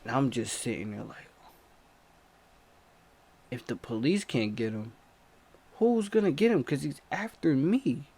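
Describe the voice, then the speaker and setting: Slow-talking young man telling a wild story. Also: slightly rough. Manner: animated slangy retelling, jumps from low mutters to excited high outbursts. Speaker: storytime vlogger. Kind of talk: casual storytelling.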